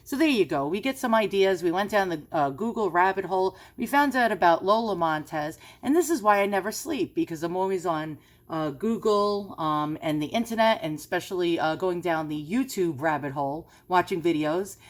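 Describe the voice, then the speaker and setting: Woman with a New York accent, slightly low voice, loose rambling vlog commentary full of asides. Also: animated, normal speed, few pauses. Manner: chatty, rambling, many fillers and asides. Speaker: antiques vlogger. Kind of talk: casual screen-share commentary.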